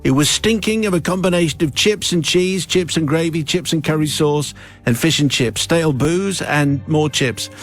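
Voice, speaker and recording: A male radio host reads a listener's letter aloud with playful, theatrical amusement. His voice sits on the high side. Faint music plays under the studio mic. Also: normal speed.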